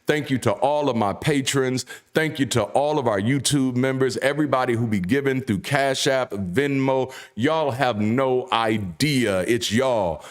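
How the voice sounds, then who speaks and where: A man, a baritone voice and a preacher's cadence, delivering an emphatic, profane, repetitive monologue as the show's host. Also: measured pace, few pauses.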